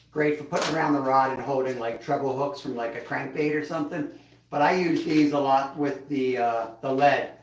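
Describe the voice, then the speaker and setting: A man's voice: medium pitch, far from the mic, a little hiss or hum. A man hosting a casual livestream, chatting in a laid-back way and chuckling as he reads out viewer comments. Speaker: livestream host. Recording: echoey room, voice off-mic.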